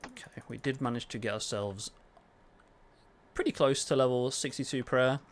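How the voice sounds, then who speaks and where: A young gaming livestreamer with a mid-range voice and normal speed chats casually with viewers as he plays, answering their questions and swearing now and then in a relaxed way. There's slight background noise.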